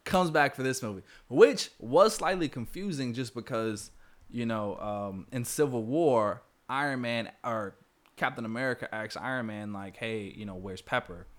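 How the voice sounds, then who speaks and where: A man's voice: mid-range voice, normal speed. A man hosting a podcast, casually retelling a movie scene by scene with lots of fillers and quoted lines. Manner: rambling, filler-heavy retelling with acted quotes. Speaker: podcast host.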